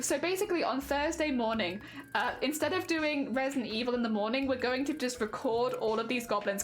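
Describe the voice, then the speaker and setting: A woman streamer chats casually on a live stream in a high-pitched voice, talkative and self-deprecating, giggling often.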